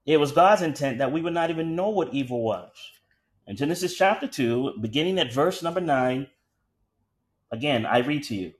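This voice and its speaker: Male preacher, a touch high-pitched, with slow emphatic phrasing and quick anecdotes. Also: expressive. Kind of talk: sermon.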